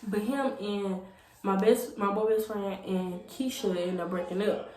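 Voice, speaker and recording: A woman's voice: medium pitch, unhurried, warm tone. A young woman tells a rambling story in a casual vlog, with lots of "like" and "you know.". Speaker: vlogger. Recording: echoey room with faint noise.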